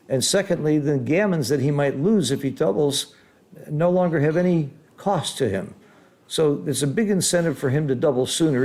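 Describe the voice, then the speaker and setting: A middle-aged man calling a backgammon match, his voice sitting a little high for a man. He swings from gasping excitement at the rolls to patient, teacherly explanation of the strategy. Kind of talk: live game commentary.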